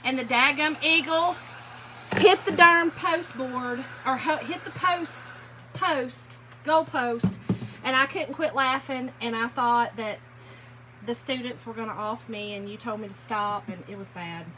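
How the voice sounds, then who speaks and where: Brief: talkative woman, high voice, casual livestream host, workshop sanding noise behind. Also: unhurried, pushed and bright, poor audio. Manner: chatty, laughing storyteller, addresses viewers as y'all. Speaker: furniture painting livestream host. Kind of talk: casual livestream chat to viewers.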